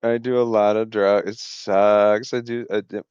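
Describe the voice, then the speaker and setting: At home indoors, a man hosts a rambling, casual livestream, his thoughts drifting as he cuts himself off, swears, and laughs often. His smooth, mid-pitched voice is a little mellow and slow with a flat delivery. The audio is dry and slightly muffled, like a basic home mic with no room sound.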